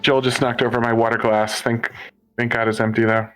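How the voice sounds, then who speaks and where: A man's voice: medium pitch, flat delivery, fairly quick, rough recording. A man with a mid-range voice, chatting loosely on a gaming livestream. He rambles and jokes in a playful way, with faint music in the background. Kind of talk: casual chat.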